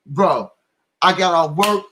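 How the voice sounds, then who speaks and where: A middle-aged man telling a story in casual chat, animated and profane, acting out what others said. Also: a little high, takes it slowly, a little hiss or hum. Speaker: guest storyteller.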